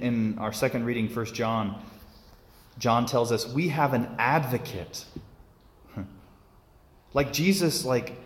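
A man's voice: medium pitch, a little hiss or hum. Casual-speaking preacher man in echoey hall. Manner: casual, conversational preaching with many fillers. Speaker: priest. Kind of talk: sermon. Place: church.

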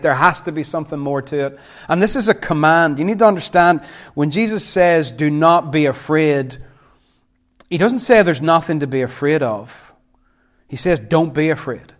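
A man preaching a sermon as pastor, impassioned, repeating phrases for emphasis and dropping to quiet intensity. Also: on the high side.

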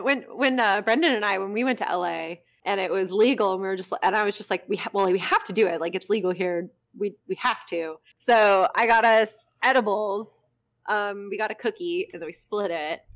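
A young woman hosting a podcast, telling a casual story with lots of swearing and frequent laughter. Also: medium pitch. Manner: animated, swears freely, breaks into laughter. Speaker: podcast host.

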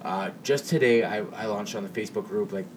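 A man co-hosting a podcast, telling a story in halting casual chat and often repeating words. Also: lowish voice. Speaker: podcast co-host. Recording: distant mic with audible hiss.

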